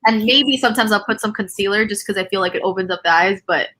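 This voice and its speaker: Bright-voiced woman hosting a chatty call. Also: mid-range voice, quick pace. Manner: chatty, laughs often, rambling restarts. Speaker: host; teacher. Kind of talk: casual chat on a live video call.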